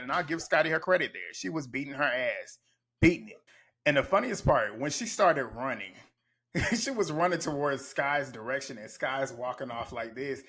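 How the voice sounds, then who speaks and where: A man's voice: a little high, pushed and bright. A man giving blunt, profane play-by-play commentary as he recaps a reality TV show. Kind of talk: casual reaction commentary.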